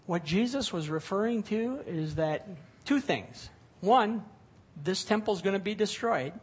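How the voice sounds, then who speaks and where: A middle-aged man preaching from the pulpit in a notably high voice. He reads scripture aloud and then explains it, pressing his points with growing emphasis. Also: animated, measured pace, husky. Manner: expository preaching with scripture reading, rising emphasis. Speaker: pastor. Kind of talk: sermon.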